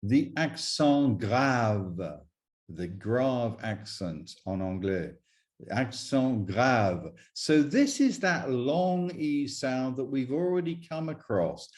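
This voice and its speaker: Slow, deliberate male French teacher. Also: mid-range voice, big pitch swings, a little mellow. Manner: slow, deliberate, repeats example words. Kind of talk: explaining pronunciation rules.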